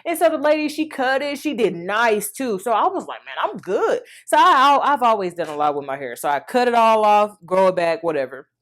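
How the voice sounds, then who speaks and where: A woman in her thirties vlogging, telling an emotional personal story in a chatty, animated way and speaking to viewers as y'all. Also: mid-range voice, a little fast, hardly any pauses.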